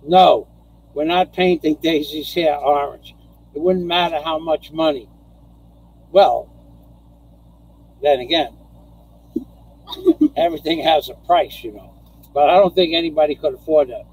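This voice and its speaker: A man with a notably high voice hosts a casual live stream from home. He chats loosely with viewers, laughs often and breaks into profane rants. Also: animated, a little slow, long pauses, a little mellow, slightly rough, rough recording. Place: home in the Philippines.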